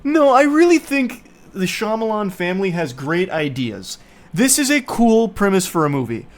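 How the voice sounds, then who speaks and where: A man's voice: sits high, sing-song, normal speed. A man from the United States, a streamer, ranting about a movie in a casual, sarcastic and profane way. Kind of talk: casual movie review rant.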